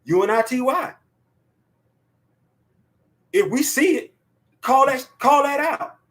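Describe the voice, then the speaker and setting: A man's voice: very high voice, lively intonation, slow pace, fairly bright tone. A man in his fifties hosting a casual opinion show, talking emphatically and repeating words to drive his points home. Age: 50s. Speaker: podcast host.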